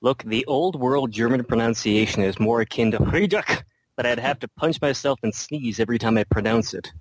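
A man's voice: mid-range voice, a little fast, no echo, rough recording. A man joining a podcast remotely as a guest game master, with a dry, wry humor. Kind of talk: casual podcast chat. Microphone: remote call.

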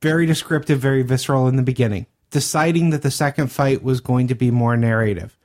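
A man co-hosting a podcast, calmly breaking down what went well in a game he played. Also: medium pitch. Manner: measured, analytical praise. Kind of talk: casual podcast chat.

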